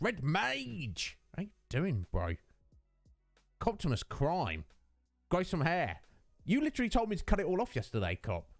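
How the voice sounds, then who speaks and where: Late-thirties male streamer, animated and talkative, dry close mic, faint music bed. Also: mid-range voice, no room sound. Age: 30s. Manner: chatty, greets viewers by name, laughs often. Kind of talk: casual chat with livestream chat.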